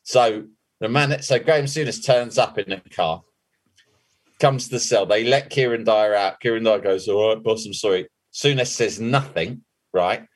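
A man's voice: medium pitch, normal speed. A man co-hosting a football podcast, telling a story in a casual, laughing way and swearing freely. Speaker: podcast co-host. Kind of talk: casual chat, telling an anecdote.

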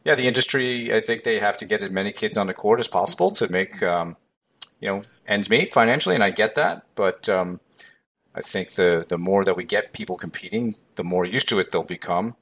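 A man hosting a podcast interview, agreeing with his guest and adding his thoughts in a measured way. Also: on the low side, a bit bright. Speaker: podcast host.

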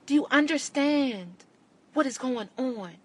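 A woman's voice: sits high, expressive, a little slow, slightly rough. A woman podcast host, giving an impassioned monologue and repeating lines for emphasis.

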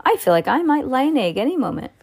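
Woman reader doing a fretful motherly figure in a children's story, raised pitch. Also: big pitch swings, fast talker, vocal fry, husky, exaggerated voice. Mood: delighted. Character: fussy motherly woman turned bird.

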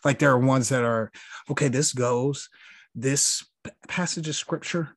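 Co-host, man, halting stutter, teasing tone, middle pitch, dry close recording. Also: dry recording. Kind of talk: casual chat.

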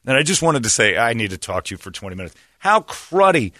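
A man with a low but bright voice tells a comic story, rambling and animated and laughing as he goes. His pitch swings widely, and the recording is close and dry. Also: racing, dry recording. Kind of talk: comedic storytelling.

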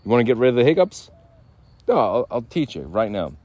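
A man's voice: mid-range voice, big pitch swings, fairly quick, warm tone, no room sound. A man hosting a podcast outdoors, ranting in a sardonic, profane, rambling way. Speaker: podcast host. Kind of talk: casual profane rant.

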